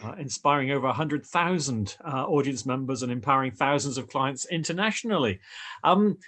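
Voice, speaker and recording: A man hosting a radio interview, asking long halting questions. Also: medium pitch, expressive, fairly bright tone. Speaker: radio host.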